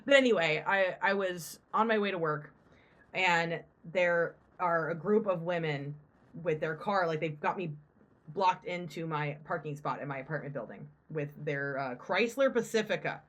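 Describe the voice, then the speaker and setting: A young woman co-hosting a podcast, telling a story in casual chat, swearing freely and acting out the people she quotes. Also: normal speed. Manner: animated, acts out quotes with big pitch jumps and swearing. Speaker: podcast co-host.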